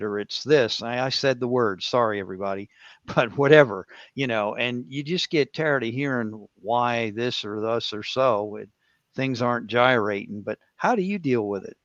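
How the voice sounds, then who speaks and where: A man's voice: medium pitch, no room sound. A man co-hosting an interview, chatty, asking long winding questions. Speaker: podcast co-host. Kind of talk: casual interview chat. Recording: dull dry lo-fi sound.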